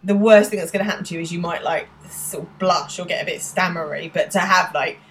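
A woman's voice: lowish voice, fairly quick, slight background noise. A woman co-hosting a podcast, chatting casually and laughing as she recaps a TV episode. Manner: chatty, laughing, many "like" fillers. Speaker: podcast co-host.

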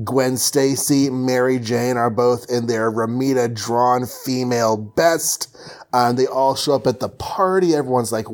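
A man's voice: mid-range voice, steady tone, measured pace. A man casually recapping a comic story, rambling and joking with many fillers. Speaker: podcast host recapping comics.

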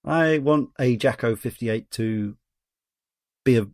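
A man's voice: medium pitch, takes it slowly, a little mellow, no echo, studio quality. A man hosting a podcast, chatting casually and reading listener messages aloud with a Geordie accent. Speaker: podcast host.

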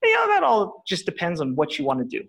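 A man's voice: sits high, huge pitch swings, fast talker, gravelly, fairly bright tone, low-quality recording. A man who is a guest on a podcast and talks about property investing, in a rambling, casual way full of restarts and "uh"s. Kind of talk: casual interview answers.

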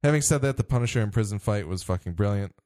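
A man with a somewhat low voice hosts a casual podcast, reading out listener mail with lively emphasis. He laughs easily. The sound is dry and close. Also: quick pace, dry recording. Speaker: podcast host.

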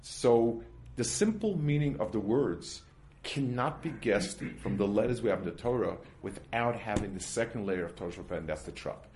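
This man's voice is on the low side, expressive and a little mellow, with slight hiss or hum in the recording. He teaches Torah, explaining a religious text piece by piece with everyday examples, halting and frequently restarting.

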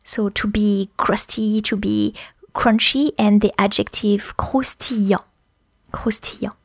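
A woman's voice: mid-range voice, steady tone, takes it slowly, dry recording, clean studio sound. A woman with a French accent hosting a podcast language lesson, explaining words carefully and spelling them out letter by letter. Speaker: French teacher, podcast host.

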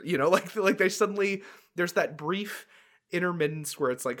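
Young man, podcast co-host, a bit high-pitched, animated, bursts into silly character voices. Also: fairly quick. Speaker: podcast co-host, dungeon master. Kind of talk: casual chat with acted character voices.

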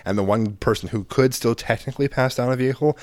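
A man's voice: mid-range voice, fast talker, a little mellow, no echo. A man co-hosting a podcast, chatting casually in a rambling, filler-heavy, casually profane way. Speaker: podcast co-host. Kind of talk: casual chat.

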